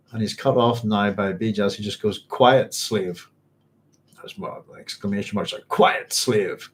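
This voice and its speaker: Against slight background noise, a man with a lowish voice leads a book club discussion of a novel. He reads passages aloud, reflects on them as he goes, and frequently uses the phrase "if you like."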